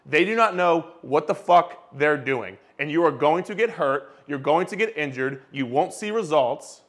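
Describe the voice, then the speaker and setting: A fitness coach talking straight to his viewers in a blunt, insistent rant. The man swears freely and keeps repeating words as he drives each point home, his voice sitting a little higher than most men's. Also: fairly bright tone. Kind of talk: direct-to-camera rant.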